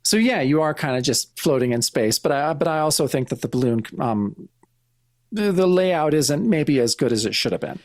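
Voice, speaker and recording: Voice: mid-range voice, lively intonation, moderate pace, darkish tone, no room sound, studio quality. A podcast co-host casually walking through comic panels, narrating each one with frequent restarts.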